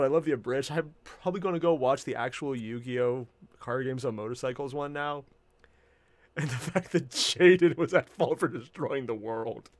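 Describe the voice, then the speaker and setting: Excitable reaction guy, laughs a lot, bouncy voice, dry sound. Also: medium pitch, no room sound. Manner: excitable, laughs often, swears casually. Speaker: reaction video host. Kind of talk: casual reaction commentary.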